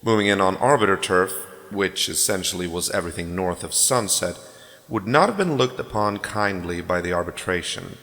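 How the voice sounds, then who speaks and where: Male narrator for a roleplay story, low and wry, recorded with a long hall reverb. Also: lively intonation, moderate pace, fairly bright tone. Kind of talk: scripted narration.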